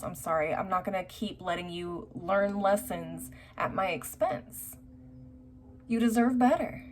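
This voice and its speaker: A woman doing a casual tarot reading in a blunt, feisty way, with curse words dropped in. Her pitch sits in a middling range. Faint construction noise carries in the background. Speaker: tarot reader.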